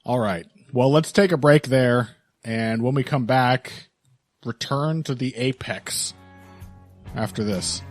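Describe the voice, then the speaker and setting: Wry, laughing podcast co-host. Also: male voice, mid-range voice, slow, over music. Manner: wry, laughs often, many fillers. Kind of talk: casual podcast chat about combat sports.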